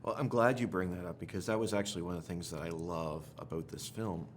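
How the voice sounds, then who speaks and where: A man interviewing a director, asking friendly, measured questions and affirming the answers. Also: low-pitched, steady tone, slight background noise.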